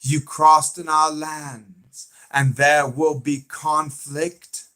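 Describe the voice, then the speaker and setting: A man doing a slow, menacing Southern villainess. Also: on the high side, level tone, pushed and bright, voice pushed up, exaggerated voice. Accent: American Southern. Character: stern female villain leader declaring war.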